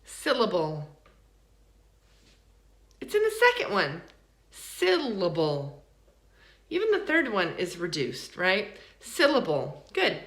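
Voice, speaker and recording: A woman teaching English pronunciation in a recorded lesson, saying each example word slowly and then repeating it for learners. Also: medium pitch, wildly swooping pitch, fairly bright tone, roomy sound. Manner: slow, deliberate, repeats model words for learners.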